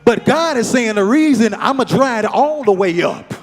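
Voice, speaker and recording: High-voiced pastor preaching in a church hall. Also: male voice, animated, normal speed. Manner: call-and-response preaching, repeating phrases, building to shouts. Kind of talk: sermon. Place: church sanctuary. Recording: church hall reverb with faint music.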